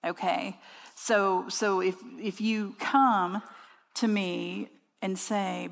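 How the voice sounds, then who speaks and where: A woman teaches a Bible lesson to a group of women, with a gravelly edge to her mid-range voice. She talks in a conversational way, slips in asides and repeats words to drive a point home. Her voice rings out with a long reverb, as if in a large hall. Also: medium pitch, steady tone, a little slow. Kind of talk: teaching sermon.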